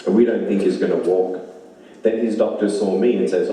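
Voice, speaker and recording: Deep man speaking in an echoey hall. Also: steady tone, normal speed, mellow, slight background noise. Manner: emphatic, repeats lines for effect. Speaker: motivational speaker. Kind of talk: inspirational speech. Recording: very echoey hall, mic far off.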